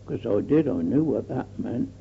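A man's voice: mid-range voice, big pitch swings, moderate pace, creaky, narrow, tinny audio, a little hiss or hum. An older man recalls his wartime days in a rambling oral-history manner, full of fillers and restarts. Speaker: war veteran recalling memories.

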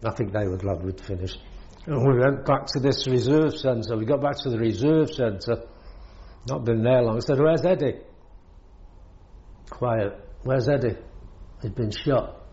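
A man's voice: mid-range voice, moderate pace, a little mellow, lo-fi sound. An older British man, a war veteran, telling his service stories in a rambling way, chuckling often. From Britain. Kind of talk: oral history storytelling.

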